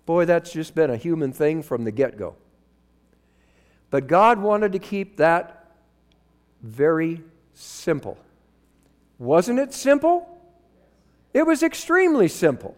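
Speaking into a microphone under a long hall reverb, a pastor delivers a very animated yet unhurried sermon with long pauses. His high, slightly mellow voice jumps up and down as he throws rhetorical questions at the congregation.

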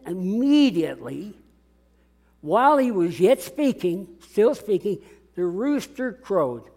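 A man's voice: sits high, big pitch swings, slow, gravelly, a little mellow. A man preaching a sermon as a pastor, dramatic and calling out to his congregation. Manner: dramatic, call-and-response preaching.

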